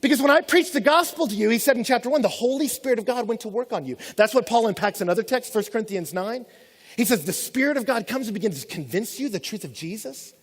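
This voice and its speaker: A high-voiced man delivers a sermon with lots of energy, switching into playful voices for the people he quotes. His voice rings out with a long reverb, as in a large church hall. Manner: animated, acts out quoted voices. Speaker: pastor.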